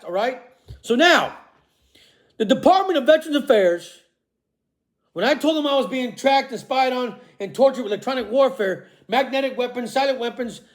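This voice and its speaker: A man delivering an angry, profane, accusatory monologue, swinging between shouting and low muttering, tagging lines with "okay?" and "all right?". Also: expressive, moderate pace. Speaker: vlogger.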